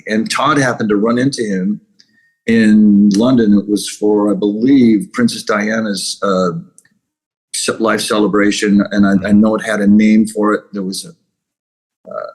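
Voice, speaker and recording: A man's voice: lowish voice, little pitch movement, a little slow, rough recording. A man being interviewed as a guest musician, talking loosely and rambling with many restarts. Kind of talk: casual interview chat.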